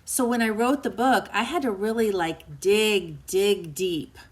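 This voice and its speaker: A woman's voice: mid-range voice, measured pace. A woman author hosting a book club livestream, giving a heartfelt motivational talk to live viewers in an emotional, earnest way and reading out their comments. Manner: emotional and earnest, dips quiet and soft; chatty, reads out viewer comments.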